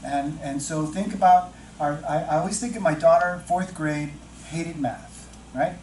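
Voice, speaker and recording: A man leading a teacher-mentoring workshop, chatting with the audience, asking questions and slowing down to stress key points. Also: on the high side, a little mellow, a little hiss or hum. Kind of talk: interactive workshop talk. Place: training room with audience. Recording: echoey room, distant mic, faint ambience.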